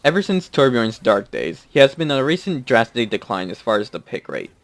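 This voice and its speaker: A man's voice: mid-range voice, sing-song, fairly quick, music in the background. A man giving a scripted, matter-of-fact video game guide voice-over.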